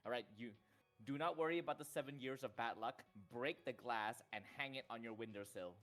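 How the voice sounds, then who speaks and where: A man's voice: mid-range voice, brisk, a bit bright, soft background music, close to an everyday voice. A man voicing a brash, offhand monster hunter who speaks bluntly.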